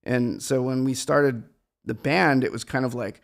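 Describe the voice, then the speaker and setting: A man's voice: mid-range voice, normal speed, gravelly. A middle-aged man, a guest musician, talking in a meandering, reflective and self-deprecating way in a casual conversation.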